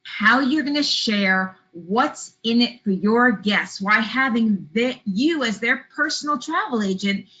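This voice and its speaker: A woman's voice: on the high side, lively intonation, a little slow, hardly any pauses, pushed and bright, rough recording. A woman leads a travel business webinar and tells a personal story to make a point, chatting with lots of fillers. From California. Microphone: webinar computer mic.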